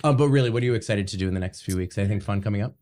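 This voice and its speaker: A man's voice: on the low side, rapid-fire, mellow. A man hosting a casual interview podcast, chatty and prone to trailing off and restarting his sentences. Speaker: podcast host.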